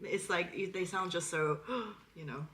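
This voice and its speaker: A woman's voice: fairly low pitch, measured pace, fairly bright tone. A British woman chatting as a podcast guest, giggly and rambling with lots of "like". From Britain. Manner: giggly, rambling, heavy use of "like". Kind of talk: casual chat. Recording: echoey room with faint noise.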